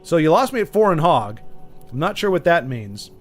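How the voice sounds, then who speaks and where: A man's voice: on the high side, very animated, normal speed. A man streaming a video game, joking and rambling as he chats with his viewers. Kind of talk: casual gaming commentary. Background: faint game music.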